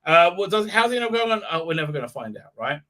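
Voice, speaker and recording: Guy ranting thru a show recap, doing silly voices for everyone, kinda high bright voice. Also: very animated, quick pace. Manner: mocking, acts out characters in silly voices, many fillers. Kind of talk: live stream commentary.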